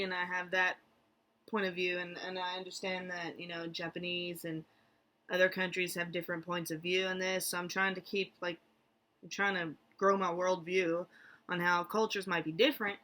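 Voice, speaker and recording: Rambling American woman vlogging casually. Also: lowish voice. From United States. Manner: rambling, full of fillers and restarts, animated asides. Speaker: therapist vlogger. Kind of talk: casual talking-head vlog.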